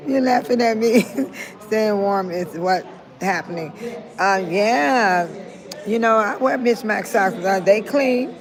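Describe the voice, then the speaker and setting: Gravelly older woman chatting on a livestream. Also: medium pitch, slow pace, pauses often, crowd noise. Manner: chatty, laughs often, talks straight to viewers. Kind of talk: casual livestream chat with viewers. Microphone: phone held close to the face.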